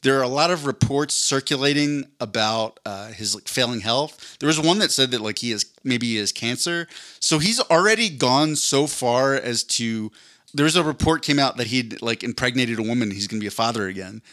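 A man's voice: mid-range voice, moderate pace, bright, forceful tone. A man co-hosting a podcast in casual chat, rambling and stammering with crude humor. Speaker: podcast co-host.

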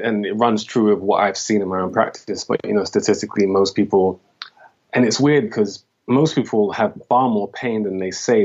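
A man's voice: sits low, darkish tone, slightly rough, dull audio. A man who works as a holistic health practitioner, explaining his views as a guest in a podcast interview and often saying "you know".

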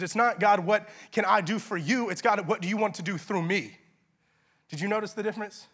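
A male pastor preaching in an earnest, conversational way, with plenty of casual fillers. His voice sits fairly high and sounds bright and forceful. He often drops to a soft, hushed tone when he turns to prayer. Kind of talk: sermon.

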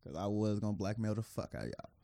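Man, podcast co-host, casual profane chat, lively swings in pitch, frequent laughs, dry close sound. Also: fast, creaky, no room sound. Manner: profane, laughs often, trails off and restarts.

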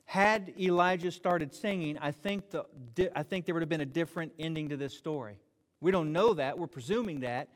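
A man preaching a sermon, telling the story in an animated, joking way and acting out the dialogue. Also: a little high, brisk. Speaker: pastor. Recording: long hall reverb.

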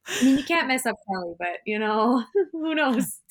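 A woman co-hosting a casual chat about weddings, chatty and animated, telling stories with laughter. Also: a little high, normal speed. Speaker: wedding podcast co-host.

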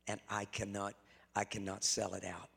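A preacher voicing an earnest young man who turns down a fortune, speaking low, quiet and remorseful, with a husky, gravelly grain and long church reverb. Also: flat delivery, moderate pace, heavily acted.

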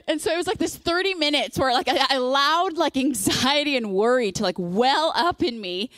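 Lady preacher, chatty sermon, kinda high voice, super dry sound. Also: no echo. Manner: conversational, personal storytelling with fillers.

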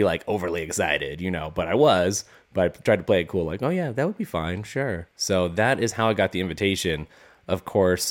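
A man with a cold and a sick-sounding voice, hosting a casual solo podcast in a relaxed, rambling way. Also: deep voice. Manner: relaxed, rambling, with fillers and restarts. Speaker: podcast host.

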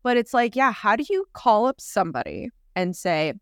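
A woman co-hosting a podcast in casual chat, talking very fast and laughing often. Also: medium pitch, lively intonation, no echo, clean studio sound. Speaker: podcast co-host.

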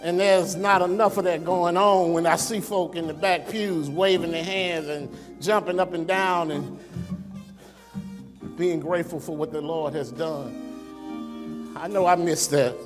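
A man's voice: fairly high pitch, fairly even intonation, a little slow, pauses often. Male pastor, conversational sermon delivery, reverberant sanctuary with faint music behind. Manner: conversational preaching with rhetorical questions. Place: church sanctuary. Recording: long reverb in a church sanctuary.

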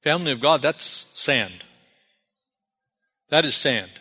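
A man's voice: medium pitch, lively intonation, slow pace, pushed and bright, husky. A man preaching a sermon as pastor, calling for amens and repeating phrases for emphasis. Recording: long reverb of a hall.

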